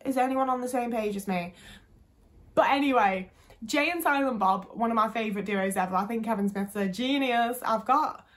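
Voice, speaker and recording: A woman's voice: a little high, normal speed. A young woman talking casually to camera, chatty and full of fillers, with some swearing. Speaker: vlogger.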